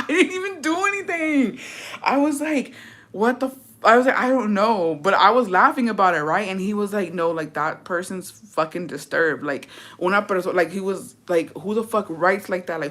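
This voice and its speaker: Chatty, cursing woman vlogger, lowish voice. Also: a bit bright. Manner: chatty, swears freely, mixes in Spanish phrases. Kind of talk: casual storytime chat.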